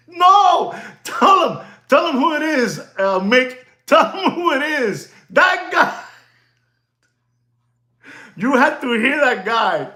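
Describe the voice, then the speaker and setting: A man's voice: very high-pitched, big pitch swings, slow pace, long pauses, bright, forceful tone, roomy sound. A man, rambling in casual livestream chat with viewers, repeating himself and laughing often. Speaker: watch dealer hosting a livestream.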